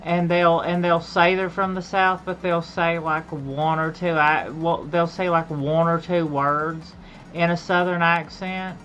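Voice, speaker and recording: A woman's voice: lowish voice, flat delivery, measured pace, a bit bright, muffled recording, faint music behind. A woman from Appalachia with an Appalachian accent, chatting casually on a gaming stream and rambling, often repeating and restarting her phrases.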